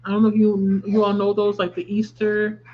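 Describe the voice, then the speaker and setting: A woman's voice: medium pitch, monotone, fairly quick. A woman in her thirties hosting a casual craft livestream, chatting and reacting to viewer comments with laughs. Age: 30s. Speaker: livestream host. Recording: slightly dull stream audio with faint hum.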